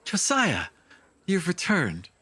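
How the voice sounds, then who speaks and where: A man's voice: high-pitched, huge pitch swings, slow pace, sharp tone, breathy edge, pitched above the performer's own voice, heavily acted. Man doing a giggly little girl. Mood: playful. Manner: playful, teasing. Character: giggly little human girl, seven years old.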